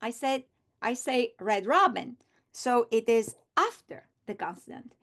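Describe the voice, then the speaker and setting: A middle-aged woman teacher modeling a reading strategy aloud, slow and deliberate, repeating words for emphasis. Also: fairly high pitch, expressive, fairly bright tone.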